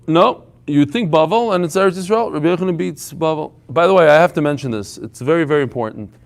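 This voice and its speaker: Lively man teaching a Talmud class. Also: a little high, fast, creaky. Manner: lively storytelling, sprinkled with Hebrew and Yiddish terms. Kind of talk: live Talmud class with chat. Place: in front of a small live audience.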